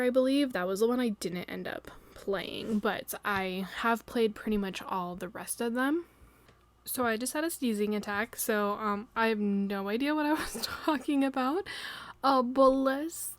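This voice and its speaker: A young woman in her twenties talks through her week in a loose, rambling way, with giggles and plenty of fillers along the way. Her voice sits at an ordinary middle pitch. She is close to the mic in a dry space with no room sound. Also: no echo. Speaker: planner vlogger. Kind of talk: casual chatty voice-over.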